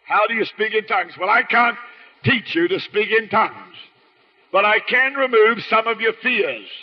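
A man preaches a sermon in an emphatic, repeating cadence. His voice sits very high for a man. The recording is muffled and rings with the long echo of a large hall. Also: very animated, moderate pace.

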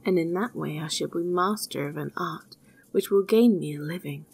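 A woman's voice: lowish voice, moderate pace, creaky, a little mellow, breathy edge. A woman voicing a fearless, naive young man who speaks plainly and earnestly in a storybook reading.

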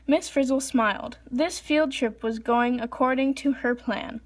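A woman's voice: a little high, steady tone, normal speed, hardly any pauses. A woman reading a children's storybook aloud, lifting her voice for the characters' lines. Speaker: reader.

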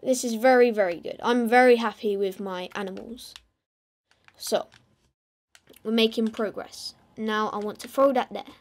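A woman's voice: a little high, fairly even intonation, moderate pace. A woman giving casual gameplay commentary, playfully talking to and teasing her game animals. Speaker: gamer.

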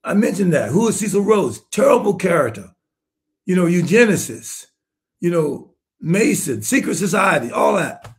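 Older guy in his 70s preaching, kinda high voice, fires off questions, gets loud then quiet. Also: sing-song, normal speed. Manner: emphatic, rhetorical questions, shifts from hushed to shouting. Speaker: bishop. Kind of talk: sermon-style commentary.

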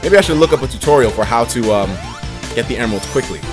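Male streamer, loose and profane chat with viewers, very expressive pitch. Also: quick pace, music in the background. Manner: animated and profane, joking with chat. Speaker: game streamer. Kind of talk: casual live-stream chat.

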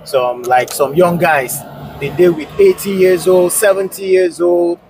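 A man's voice: high voice, steady tone, measured pace, vocal fry, far from the mic. A man interviewing, asking probing questions. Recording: voice off-mic, faint noise.

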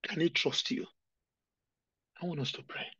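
A man's voice: on the high side, fairly even intonation, normal speed, a bit bright, husky, dry recording. A man preaching an emotional sermon, crying out and repeating his phrases with great feeling. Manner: impassioned, repeats phrases and cries out. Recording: dull, dry lo-fi sound.

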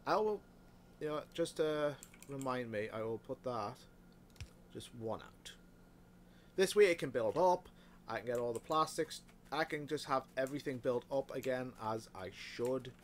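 A man's voice: medium pitch, animated, unhurried, a little hiss or hum. A man giving casual, muttered commentary while he plays a factory-building game, swearing often. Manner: muttering to himself, frequent swearing. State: hiccups. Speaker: let's play host.

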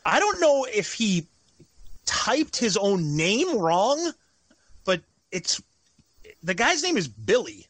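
A man's voice: sits high, huge pitch swings, slow, pauses often, a bit bright, no echo. A man co-hosting a casual podcast chat, giggly and apologetic in his banter. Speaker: podcast co-host.

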